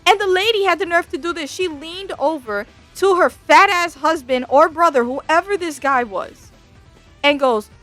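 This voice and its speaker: A woman telling a storytime as a vtuber, profane, exasperated and animated. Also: extremely high pitch, normal speed, no echo. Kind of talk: casual storytime rant. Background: faint background music.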